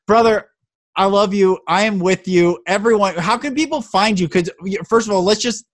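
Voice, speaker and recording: A man hosting a podcast in casual conversation, telling stories in an animated, emphatic way. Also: high-pitched, normal speed, no room sound, clean studio sound. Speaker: podcast host.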